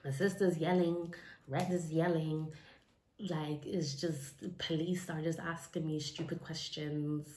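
A young woman from retelling a personal story for a vlog, animated and repeating lines for emphasis, acting out what people said. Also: sits low, slow. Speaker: vlogger telling a story. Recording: echoey room with faint noise.

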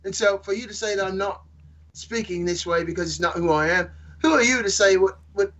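A man's voice: high voice, brisk, a bit bright, low-quality recording. A man chatting on a podcast, jokingly hamming it up in a mock British accent. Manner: jokey, hammy, puts on a mock British accent. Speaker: podcast guest host. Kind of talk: casual podcast chat.

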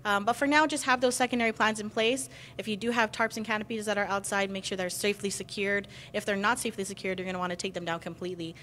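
A woman giving a public safety briefing on a live news show, brisk and advisory. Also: medium pitch, steady tone, fairly bright tone, slight background noise.

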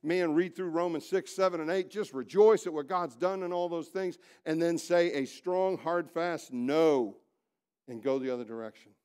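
A man's voice: a little high, moderate pace, hardly any pauses, smooth. Fired-up man preaching a sermon. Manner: animated preaching with acted-out quotes and swings in loudness; blunt, folksy. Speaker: pastor. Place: church sanctuary.

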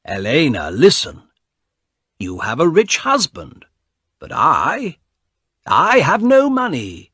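A man's voice: on the high side, huge pitch swings, slow, long pauses, bright, forceful tone, husky, dry recording, studio quality, voice pushed up, heavily acted. A man reading a story aloud and voicing a greedy young man who coldly taunts his sister, in a raised, pushed voice. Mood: taunting. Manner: taunting, cold.

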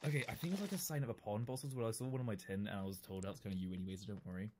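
A British man in casual gaming chat, teasing friends and talking fast. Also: lowish voice, darkish tone. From Britain.

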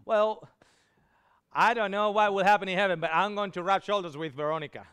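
A man's voice: sits high, moderate pace, a bit bright, smooth. A man preaching a sermon, telling an emotional personal story and acting out the dialogue in it. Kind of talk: sermon testimony.

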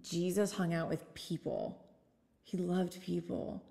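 A woman, a pastor co-hosting a faith podcast, telling stories with quick asides and light laughs. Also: lowish voice, level tone, gravelly, dark tone, big-room sound. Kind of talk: casual faith podcast chat.

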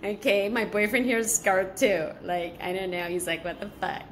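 A woman's voice: mid-range voice, moderate pace, slight background noise. A woman from Southern California chatting casually as she cooks at home, swearing freely and switching between Spanish and English. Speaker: home cooking vlogger. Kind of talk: casual cooking vlog chat.

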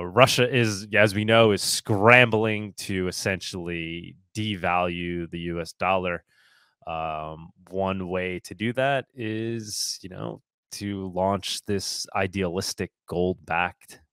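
A man's voice: fairly low pitch, a bit bright, no echo. A man hosting a crypto news show, reading items aloud and breaking off into casual, sarcastic commentary. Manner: sarcastic asides between read-out items; casual, repeats words and restarts.

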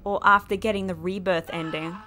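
A woman streaming a video game live, chatting through her play and reacting loudly, often exclaiming and swearing. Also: fairly low pitch, fairly even intonation, brisk, slight background noise. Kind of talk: live gameplay commentary.

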